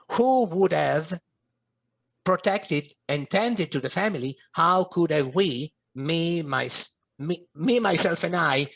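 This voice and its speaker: A man's voice: fairly high pitch, gravelly, fairly bright tone, husky. A middle-aged man, a podcast guest and coach, telling a personal story in an earnest, vivid way. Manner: earnest, vivid, slips in Italian and French phrases.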